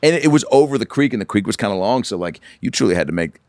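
A man's voice: on the low side, animated, fast talker, a little mellow, no echo. A man hosting a casual podcast chat, telling loose stories with plenty of swearing. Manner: loose, profane storytelling.

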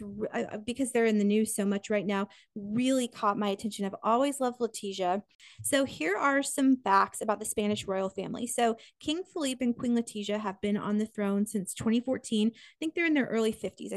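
A woman's voice: fairly high pitch, no room sound, studio quality. A woman co-hosting a podcast, chatting casually about royal news with lots of restarts and asides. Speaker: podcast co-host.

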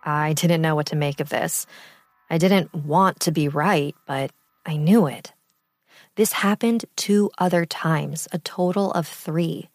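A young woman from the East Bay in California, calmly and reflectively recounting a personal story in first-person narration. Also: deep voice, a little slow, dry recording. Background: background music.

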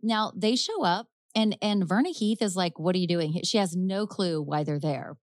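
A woman hosting a podcast, casually telling a true-crime case, chatty and quick to laugh as she acts out quotes. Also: medium pitch, expressive, no room sound. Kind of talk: casual storytelling chat.

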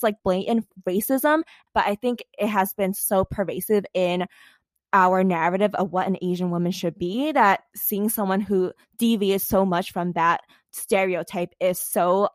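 Young american woman on a podcast, talks fast and loose, swears a lot, dry close mic. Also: mid-range voice, no room sound. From United States. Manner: animated, swears freely, frequent "like". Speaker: podcast co-host. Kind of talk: casual podcast chat.

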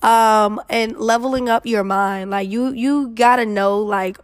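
A young woman hosts an advice podcast and answers listener emails in a blunt, scolding way. Her voice sits a little high, and she swears freely as she talks straight to the letter writer. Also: measured pace. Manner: blunt, profane, animated and scolding. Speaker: podcast host.

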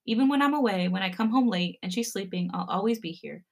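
A woman reading a romantic fan story aloud in the first person, in a gentle, soft, intimate way. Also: mid-range voice, lively intonation, quick pace. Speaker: podcast story reader.

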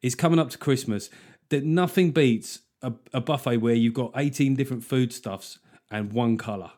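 A man hosting a podcast, telling stories in a sweary, jokey, animated way. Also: mid-range voice, normal speed. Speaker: podcast host. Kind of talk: casual comedic chat.

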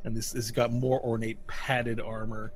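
A man's voice: medium pitch, little pitch movement, moderate pace, soft background music, rough recording. A man running a tabletop game as game master, describing the scene in a loose, rambling way full of restarts.

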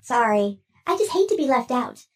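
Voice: mid-range voice, big pitch swings, moderate pace, recorded from a distance. An actor voicing a naive, chatty male robot who keeps missing sarcasm. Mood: chirpy. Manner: chatty, earnest, misses sarcasm. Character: naive literal-minded male robot named Kika/Geek.

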